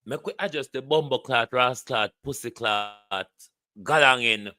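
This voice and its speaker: A man's voice: medium pitch, measured pace, bright, forceful tone, no echo. A Jamaican man vlogging heated political commentary, ranting bluntly and swearing freely.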